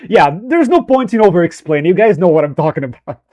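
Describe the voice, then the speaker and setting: Rambling man with a higher voice. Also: lively intonation, quick pace, warm tone. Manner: rambling, restarts and self-corrections. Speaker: streamer. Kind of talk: casual livestream chat.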